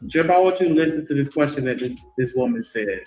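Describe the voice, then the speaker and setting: A man's voice: medium pitch, lively intonation, fast, a little mellow, echoey room, soft background music, rough recording. A man doing reaction commentary on a call, mocking the question in disbelief. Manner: mocking, incredulous.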